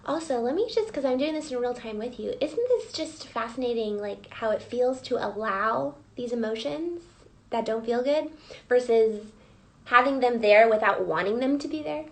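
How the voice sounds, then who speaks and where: Woman wellness coach, fairly high voice with gravelly fry, guides a live reflection session. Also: expressive, moderate pace, low-quality recording. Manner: guiding, prompting listeners with repeated questions.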